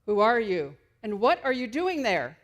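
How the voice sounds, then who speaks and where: Woman doing a shouting man guard on a wall. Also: a little high, sing-song, a little slow, muffled recording. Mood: demanding. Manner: loud, demanding.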